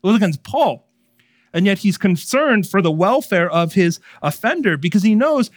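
Earnest higher-voiced male preacher, dry sound. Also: big pitch swings, normal speed, dry recording. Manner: conversational preaching, swinging from raised emphasis to hushed earnestness. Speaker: pastor. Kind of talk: sermon.

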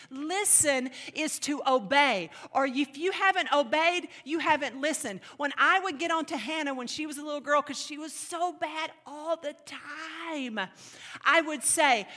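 A woman preaching a sermon in an animated, emphatic way, slipping into playful mock voices to make her points. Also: high-pitched, moderate pace, in a large hall.

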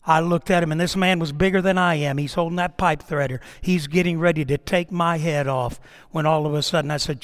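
Middle-aged male pastor, high voice, sermon delivery with dramatic rises and hushed drops, long church-hall reverb. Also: fairly even intonation, fairly quick. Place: church sanctuary.

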